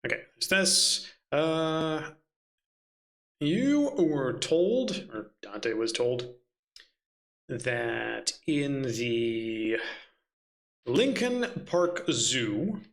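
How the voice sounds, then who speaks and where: A man's voice: medium pitch, expressive, very slow, pauses often, fairly bright tone. A man running a tabletop game, muttering and swearing to himself as he hunts for his notes. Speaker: game master.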